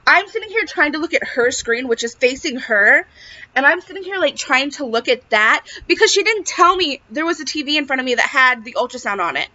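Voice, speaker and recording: Bright, chatty young woman, lo-fi audio. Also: high voice, a little fast. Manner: chatty, peppered with "like", animated retelling. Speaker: vlogger sharing a pregnancy update. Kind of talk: casual storytelling to camera. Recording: dull lo-fi audio.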